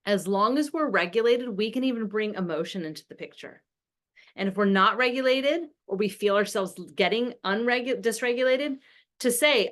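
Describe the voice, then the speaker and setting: A woman's voice: on the high side, animated, normal speed. A middle-aged woman explaining parenting ideas in an earnest way, acting out what a parent might say with big emotion. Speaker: parenting expert. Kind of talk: explaining to camera.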